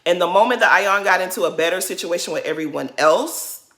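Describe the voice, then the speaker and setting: A woman's voice: fairly low pitch, brisk, bright, forceful tone. A woman giving an emphatic, indignant commentary rant, hammering her points home by repeating them. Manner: acts out quotes in mocking voices. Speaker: reality TV commentary vlogger. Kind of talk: casual ranting commentary.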